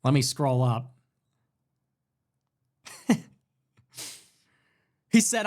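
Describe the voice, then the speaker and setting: A man's voice: sits high, big pitch swings, normal speed. A man hosting a political livestream in a casual, mocking rant, mimicking his critics. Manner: mocking, quotes critics in exaggerated voices. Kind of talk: casual ranting commentary.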